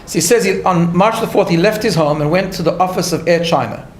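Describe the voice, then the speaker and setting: A rabbi teaching a class tells a story in a conversational lecture, animated and quick, laughing lightly at his own asides and often restarting. His voice sits high, and the room is echoey.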